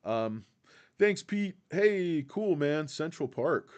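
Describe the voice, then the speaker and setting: A man's voice: on the high side, big pitch swings, slow, darkish tone, muffled recording. A man hosting a casual livestream, rambling in a laid-back way, answering chat and peppering his talk with "guys.". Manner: quotes film lines in put-on voices. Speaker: livestream host reading chat.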